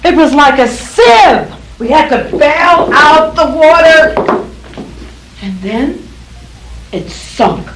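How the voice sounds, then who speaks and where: A middle-aged woman from the United States telling family memories in theatrical memoir narration, with a slow, expressive delivery. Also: sits high, noisy background. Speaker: performer recounting family memories.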